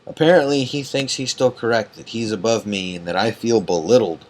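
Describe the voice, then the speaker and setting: A man's voice: fairly low pitch, fairly quick, a little mellow. A tired man ranting late at night as an online group admin, angry and profane, rambling with many fillers. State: tired and yawning.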